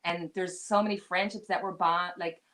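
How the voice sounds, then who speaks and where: A woman from Newfoundland with her accent, reading tarot cards in casual chat. Her voice sits low for a woman, and she leans hard on her points, often stretching them out slowly. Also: fairly even intonation, fairly bright tone, poor audio. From Newfoundland, Canada. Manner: chatty, emphatic, slows down to stress points. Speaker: tarot reader. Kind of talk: casual live-stream chat.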